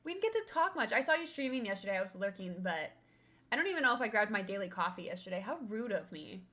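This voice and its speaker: A woman's voice: mid-range voice, very animated, fast, sharp tone. A young woman streamer chatting casually with her viewers, rambling and swearing now and then.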